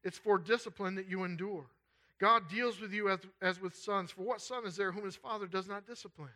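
A man preaching a sermon, reading scripture aloud and then applying it, swinging between loud urgent emphasis and quiet low asides. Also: a little fast.

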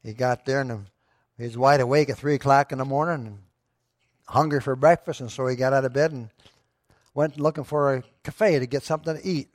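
A man's voice: medium pitch, steady tone, a little fast, dry recording, studio quality. A pastor preaching a sermon to his church, telling a story in a conversational way that rises to emphatic moments.

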